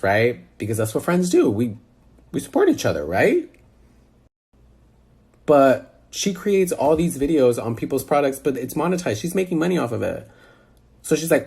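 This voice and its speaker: Man, husky voice, very expressive pitch, sassy, incredulous, casual reaction chat over a phone call. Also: moderate pace, pauses often. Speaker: commentator reacting to a video.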